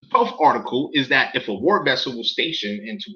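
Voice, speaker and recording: Read it like a man going through documents for his viewers, bright and edgy. Stop often to question them in disbelief, swear casually, and let the recording sound muffled and lo-fi. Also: a little high, sing-song, fast talker. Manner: incredulous, profane, keeps asking viewers questions. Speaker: commentator reading documents to viewers. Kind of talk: casual commentary reading documents aloud.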